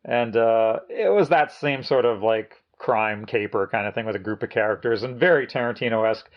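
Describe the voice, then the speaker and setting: A man's voice: fairly low pitch, normal speed. A man in casual chat, rambling through anecdotes with frequent yeahs and laughs. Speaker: video store co-host. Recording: dull lo-fi audio.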